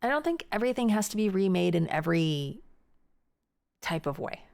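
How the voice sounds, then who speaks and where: An American woman streaming from home, chatting casually with her chat in a rambling way, with quick laughs and frequent restarts. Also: medium pitch, sing-song, gravelly, darkish tone.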